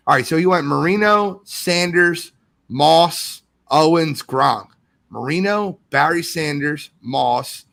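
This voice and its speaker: A man hosting a live sports podcast, talking in a lively, animated way as he reads out viewer comments. His voice sits a little high and has a gravelly edge to it. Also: unhurried. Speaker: podcast host. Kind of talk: casual live podcast chat.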